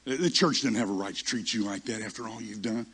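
A man's voice: fairly low pitch, fast, fairly bright tone, slight background noise, natural voice. A preacher voicing the devil as a persuasive male tempter. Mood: coaxing. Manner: coaxing, persuasive.

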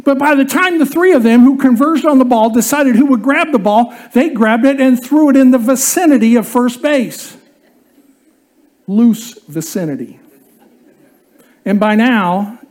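A preacher giving a sermon and telling a humorous story in an animated way, chuckling along, then dropping low and quiet for the serious points. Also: a little slow.

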